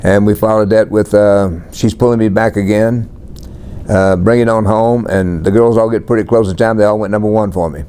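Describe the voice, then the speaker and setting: A country singer in his eighties gives a relaxed storytelling interview in a low, mellow, resonant voice that's clear and steady at a moderate pace. Laid-back and plainspoken, he lists things matter-of-factly.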